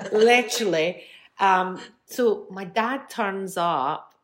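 A woman in her fifties, a musician telling stories from childhood in a chatty, animated way with bursts of laughter. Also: medium pitch, drawn-out words. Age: 50s. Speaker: guest, musician. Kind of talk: casual storytelling.

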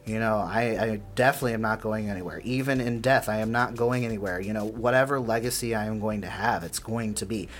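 A man's voice: on the low side, fast talker, few pauses. A man speaking as a podcast guest in casual conversation, earnest and filling his speech with "you know.". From United States.

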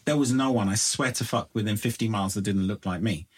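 Husky-voiced male podcast host, casual, swears freely, lots of quick agreement. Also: fairly low pitch.

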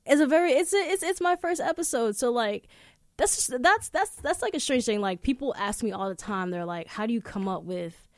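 A New York woman with a mid-range voice hosts her own solo podcast from a studio, with no room sound. She's chatty and rambles through casual stories with lots of swearing.

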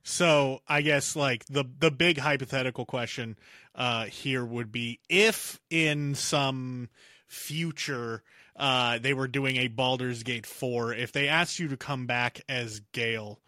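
Bright-voiced hesitant male interviewer. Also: medium pitch, steady tone, measured pace, no echo, clean studio sound. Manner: hesitant, with fillers and "like". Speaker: interviewer host. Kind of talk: interview questions.

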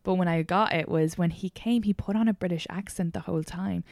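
A young Irish woman hosting a podcast, telling candid stories in a casual, animated way with plenty of swearing. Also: on the low side, fairly quick, gravelly, no room sound, clean studio sound. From Ireland. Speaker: podcast host. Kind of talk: casual chat.

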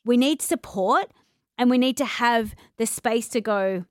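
Lively higher-voiced woman podcast host. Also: a little slow, dry recording, studio quality. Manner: animated, acts out quoted voices. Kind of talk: casual conversation.

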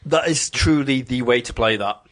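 A man's voice: mid-range voice, normal speed, fairly bright tone. Chatty man. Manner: chatty, many ums and restarts. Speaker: podcast co-host. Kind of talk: casual chat about video games.

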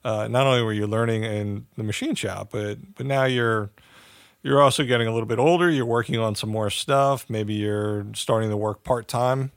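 A man's voice: lowish voice, moderate pace, smooth, dry recording, clean studio sound. A man hosting an interview, talking in a loose, conversational way. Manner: conversational, rambling with fillers. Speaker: host, interviewer.

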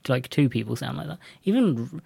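A man's voice: medium pitch, lively intonation, moderate pace, gravelly, warm tone, slightly rough, no room sound. A man co-hosting a podcast in casual chat, rambling, restarting his sentences and laughing often. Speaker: podcast co-host.

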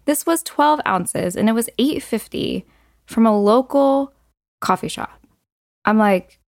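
A young adult woman chats through her solo podcast in a relaxed, rambling way, sprinkling in "like" and "um" as she goes. Her voice sits at an ordinary middle pitch. The recording is dry and close, with no room sound. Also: no room sound. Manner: chatty, frequent "like" and "um" fillers, quick asides. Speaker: podcast host. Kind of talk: casual solo podcast chat.

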